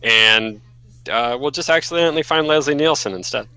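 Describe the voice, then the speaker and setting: Joking man with a bright voice. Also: on the high side, normal speed, smooth, low-quality recording. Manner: joking, mock-dramatic. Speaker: podcast co-host. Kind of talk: casual gaming podcast chat.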